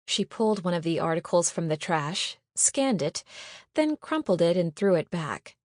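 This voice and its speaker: A woman narrating a first-person audiobook in a measured, even storytelling manner. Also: lowish voice, no echo, studio quality.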